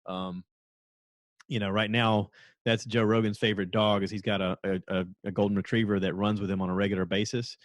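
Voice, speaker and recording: A man's voice: lowish voice, flat delivery, brisk, dry recording, clean studio sound. A man hosting a podcast, chatting casually and acting out other people's lines as he tells stories. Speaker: podcast host. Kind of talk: casual chat.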